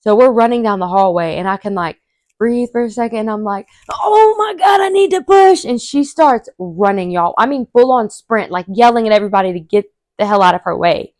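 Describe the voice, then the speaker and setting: A woman, a podcast host telling a story casually and animatedly, acting out quotes in a high voice. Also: fairly quick, a little mellow, no room sound, clean studio sound.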